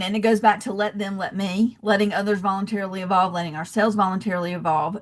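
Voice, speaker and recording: A woman from Georgia with a Southern accent, a podcast guest telling stories expressively with acted-out asides. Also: mid-range voice. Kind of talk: casual podcast interview.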